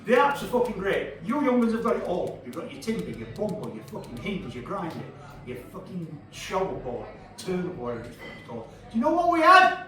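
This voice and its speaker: High-pitched and sing-song, a little fast, this Yorkshire man in his fifties delivers a brash, sweary stand-up set full of crowd-teasing stories. The comedy club sounds echoey, the mic is far off, and the audience laughs along.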